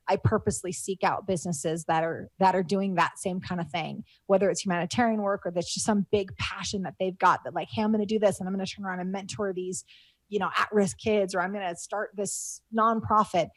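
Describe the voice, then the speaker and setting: A woman's voice: medium pitch, steady tone, a little fast, no echo. A middle-aged woman telling stories as a guest in an interview. She rambles, with many fillers and restarts, and is moved to tears as she talks. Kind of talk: casual interview talk.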